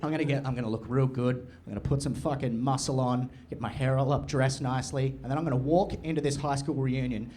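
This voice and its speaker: A young man doing crude, deadpan, absurd stand-up storytelling on a comedy club stage. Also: medium pitch, fast, hardly any pauses. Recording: live venue, room noise and audience.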